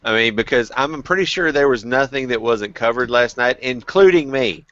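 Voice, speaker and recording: A man's voice: mid-range voice, fairly quick, sharp tone, highs cut off. A man hosting a casual group chat, telling candid, profane stories full of restarts. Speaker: vlog host.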